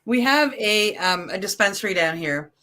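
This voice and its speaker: Woman, co-host, casual chat, relaxed and blunt, bright sharp voice, video call. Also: mid-range voice, normal speed, a little hiss or hum.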